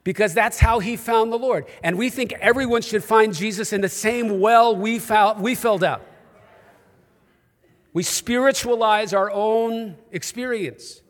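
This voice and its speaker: A man's voice: sits high, a little slow, long reverb tail. A man with a New York accent preaching a sermon in a church, with humorous, conversational storytelling. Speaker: pastor. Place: church auditorium.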